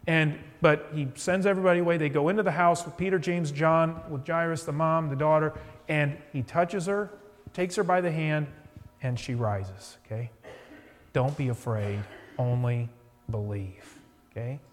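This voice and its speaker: A middle-aged male pastor preaching a sermon, retelling a story and softly acting out the voices in it. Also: on the high side, moderate pace. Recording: long hall reverb.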